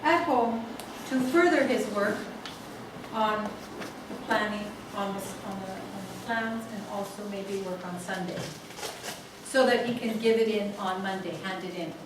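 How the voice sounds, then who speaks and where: A woman leading a family constellation seminar, telling a case story slowly with many restarts. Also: mid-range voice, noisy background. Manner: slow, halting storytelling with restarts. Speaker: seminar facilitator. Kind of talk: guiding a family constellation exercise. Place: seminar room. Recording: echoey room, far from mic.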